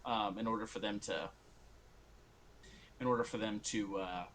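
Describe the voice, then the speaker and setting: A man voicing a worldly, generous pirate king who speaks low and quiet in measured advice. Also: fairly even intonation, slight background noise, close to an everyday voice. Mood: advising.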